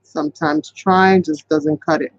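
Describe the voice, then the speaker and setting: A craft channel host with a high-pitched, creaky, very animated male voice chats and rambles through a casual live tutorial at a measured pace, calling his viewers "you guys" as he works. The sound is dull, lo-fi and dry, without echo.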